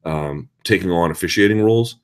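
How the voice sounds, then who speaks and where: A male host of a live chat show, talking casually and answering viewer questions in an animated, ranting, sarcastic way. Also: low voice, fairly quick, clear, resonant tone.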